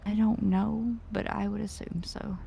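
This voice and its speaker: A woman's voice: medium pitch, little pitch movement, unhurried, gravelly, dark tone, slight background noise. A woman in a roleplay scene, venting in an upset way and swearing. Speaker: roleplay character. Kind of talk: in-character roleplay chat.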